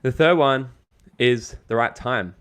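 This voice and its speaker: Speaking slowly with a clean, medium-pitched tone, this man is a network marketing coach being interviewed. He offers casual, emphatic motivational advice, swearing now and then.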